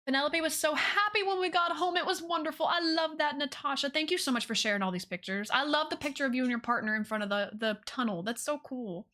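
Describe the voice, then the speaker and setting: A woman's voice: fast, few pauses. A young woman, chatting casually with viewers on a live stream, bubbly and gushing. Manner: bubbly, gushing, swoops up high when excited.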